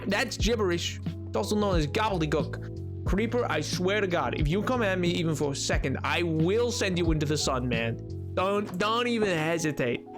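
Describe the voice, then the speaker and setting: A man's voice: high-pitched, expressive, normal speed, music in the background. A man streaming a game, chatting casually with viewers in a rambling, playful way and laughing often. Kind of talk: casual live-stream chat while gaming.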